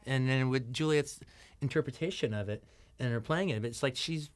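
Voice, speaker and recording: A man of middle pitch rambles through a commentary track, stopping for ums and uhs and breaking into laughs. He talks as the film's producer, loose and chatty. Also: fairly quick. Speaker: film producer. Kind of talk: DVD commentary chat.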